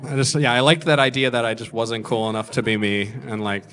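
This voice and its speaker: A man's voice: medium pitch, a little fast, a bit bright. A man in his thirties telling stand-up stories, crude and self-mocking, slipping into other people's voices. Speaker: stand-up comedian. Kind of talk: stand-up storytelling.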